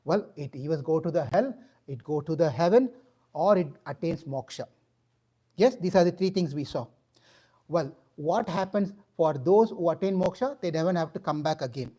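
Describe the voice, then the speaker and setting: A man telling a story in a sermon, acting out the dialogue of its characters. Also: normal speed. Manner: acts out dialogue in a story, rising pitch when excited. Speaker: spiritual teacher.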